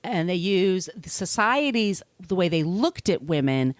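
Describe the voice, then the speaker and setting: A woman's voice: on the low side, very animated, unhurried, no room sound. A woman hosting a podcast, telling a true-crime story in a chatty, casual way, swearing freely and laughing often. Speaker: podcast host.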